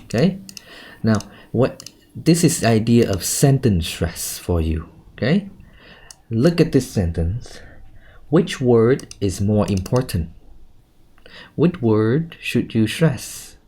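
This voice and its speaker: Low, mellow-voiced English teacher, man. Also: sing-song, slow, pauses often, breathy edge. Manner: corrective, ends phrases with "okay?". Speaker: IELTS speaking teacher. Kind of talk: one-on-one speaking coaching.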